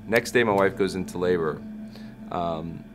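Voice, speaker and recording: A man in his thirties, a Christian hip hop artist, telling a personal story in an interview with animated shifts as he acts out what people said. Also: low voice, a little slow, music in the background. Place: backstage at a concert.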